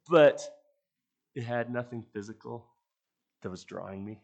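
A man's voice: mid-range voice, measured pace, gravelly, pauses often, a little mellow, highs cut off. A man who leads a youth ministry, giving an earnest, conversational sermon to the people who support it. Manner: earnest, conversational preaching with restarts.

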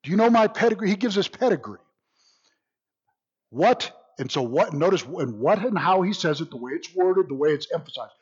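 Animated man teaching Bible study, dull recording. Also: a little high, moderate pace, slightly rough. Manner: animated, jokey, repeats words while thinking.

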